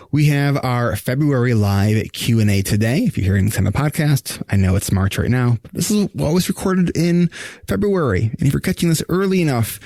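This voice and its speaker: A man's voice: medium pitch, lively intonation, normal speed, music in the background. A man hosting a live Q&A podcast as a coach, talking casually with many fillers and restarts. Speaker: podcast host and ADHD coach.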